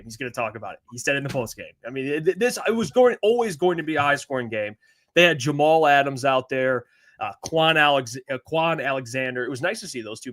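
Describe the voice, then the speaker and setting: A man co-hosting a sports talk show, excitable and jokey. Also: mid-range voice. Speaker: co-host.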